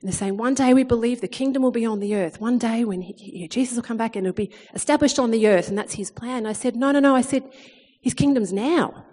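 A woman in her thirties preaching a sermon in a chatty, animated way, acting out the lines she quotes. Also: a little high, fairly quick. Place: church hall, long reverb. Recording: reverberant hall sound.

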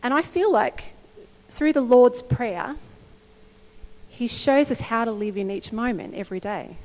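Animated woman preaching in an echoing hall. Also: fairly high pitch, measured pace. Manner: animated, conversational, often checks in with "okay?". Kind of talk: sermon. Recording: long hall reverb.

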